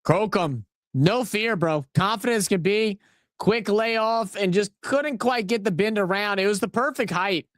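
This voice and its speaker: A man's voice: sits high, a little slow, no echo, studio quality. A man with a New Orleans accent, rambling and swearing as he casually talks over a live match and tells stories. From New Orleans, USA. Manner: rambling, profane, excitable. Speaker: watch-along host.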